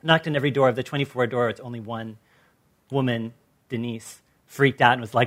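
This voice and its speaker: An American man with a mid-range voice speaks on a panel discussion. He is an artist recounting his projects, and he tells his stories in an animated way, slipping into the voices of the people he quotes. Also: medium pitch, fairly quick. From Los Angeles. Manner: animated storyteller who acts out quoted people.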